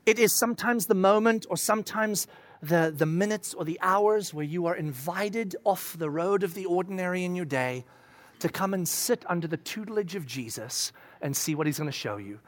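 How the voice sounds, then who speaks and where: A preacher giving a sermon, telling the story in an animated way and acting out voices, then dropping to a soft, low voice for serious points. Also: moderate pace.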